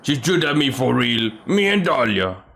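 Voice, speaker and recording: A man voicing a desperate, grieving convict who speaks in halting, broken English. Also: mid-range voice, very animated, gravelly, fairly bright tone, full character voice.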